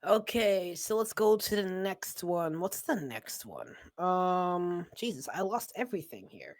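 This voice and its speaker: A woman's voice: lowish voice, very animated, a little slow, no echo. A woman hosting a casual podcast chat, a caster who talks passionately and laughs often. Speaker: podcast host and esports caster.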